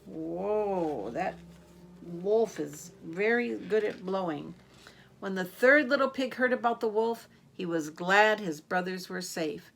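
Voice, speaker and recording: Brief: woman storyteller for children, unhurried read-aloud, questions to the listener. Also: lowish voice, vocal fry. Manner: gentle, asks the listener questions.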